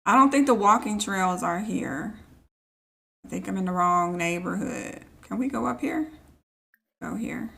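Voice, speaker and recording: A woman's voice: medium pitch, lively intonation, a little slow, gravelly, sharp tone. A woman streaming a life-sim game, chatting casually and teasing her characters as she plays. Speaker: gaming streamer. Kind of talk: casual let's play commentary.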